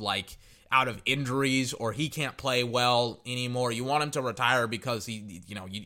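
A man hosting a sports podcast, chatting casually and rambling through play-by-play with frequent restarts. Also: medium pitch. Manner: rambling, restarts, excited outbursts. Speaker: podcast host.

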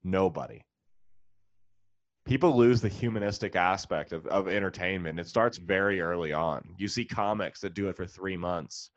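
A man's voice: deep voice, moderate pace, no echo. A man, a comedian and podcast host, delivering a profane, sarcastic, exasperated comedic rant. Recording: dull lo-fi, dry.

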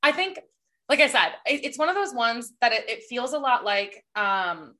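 Bright-voiced woman gushing about books on a podcast, super chatty, says like a lot. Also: on the high side, normal speed. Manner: animated, chatty, fillers like "like". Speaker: podcast co-host. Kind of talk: casual book chat.

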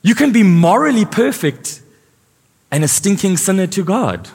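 A man's voice: sits high, big pitch swings, normal speed, a little mellow, husky. A male pastor preaching a sermon, asking his congregation questions as he goes. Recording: live church sound with long reverb.

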